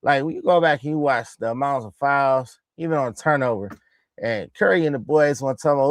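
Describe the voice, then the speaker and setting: Gravelly-voiced man reacting excitedly. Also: medium pitch, brisk, dry recording, studio quality. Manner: excitable, slangy, repeats himself. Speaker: host of a basketball reaction channel. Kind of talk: casual reaction commentary over game highlights.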